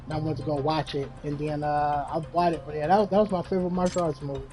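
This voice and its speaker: A game streamer chatting casually and telling stories in an animated, rambling way, with lots of slang and swearing. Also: mid-range voice, fast talker, soft background music, rough recording. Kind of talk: casual chat while streaming.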